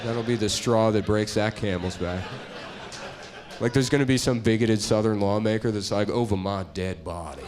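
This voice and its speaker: A man doing a stand-up comedy set on stage before a live audience, talking in a crude, deadpan way and slipping into mocking voices. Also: lowish voice, moderate pace, background noise.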